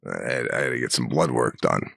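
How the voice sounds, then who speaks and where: Deep gravelly man, deadpan storyteller. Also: brisk, no echo, studio quality. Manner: deadpan storytelling, incredulous rhetorical questions. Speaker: podcast co-host. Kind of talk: casual comedic chat.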